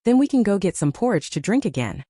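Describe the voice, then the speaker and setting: A woman voicing a tired mother who speaks softly and slowly to her children. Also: medium pitch, big pitch swings, no echo, clean studio sound. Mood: gentle. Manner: soft-spoken, slow. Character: gentle tired mother of three.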